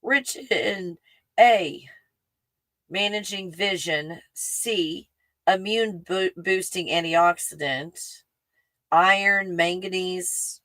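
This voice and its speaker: A woman with a Texan accent, hosting a casual livestream and chatting in an excitable, rambling way full of fillers. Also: lowish voice, slow pace, dry recording. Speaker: livestream host. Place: home in the mountains.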